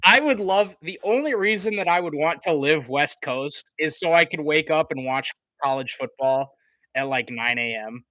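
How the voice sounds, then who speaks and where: A man's voice: a little high, sharp tone, dry recording, poor audio. A young man doing live play-by-play commentary on a stream, chatting casually with viewers between plays. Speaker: livestream commentator.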